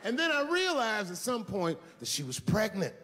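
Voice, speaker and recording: A man performs stand-up on a large stage, swinging his somewhat high voice through big leaps in pitch and building to loud, profane punchlines. His voice carries a long hall reverb. Faint crowd noise sits underneath. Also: sing-song, normal speed. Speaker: stand-up comedian. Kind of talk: stand-up comedy set. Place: large stage before a live audience.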